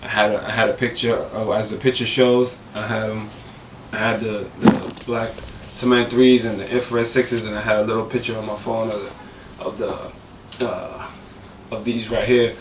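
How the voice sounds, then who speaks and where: Hoarse man rambling about sneakers. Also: fairly low pitch, flat delivery, moderate pace, echoey room, recorded from a distance, background noise. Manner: enthusiastic, rambling, slangy. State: hoarse, voice cracking. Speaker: sneaker reviewer. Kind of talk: casual sneaker review.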